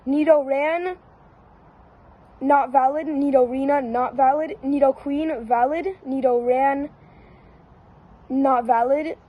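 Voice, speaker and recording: A woman giving casual one-word verdicts down a long list, flat and repetitive with brief hesitations. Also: high-pitched, slow pace, long pauses, narrow, tinny audio. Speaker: YouTuber.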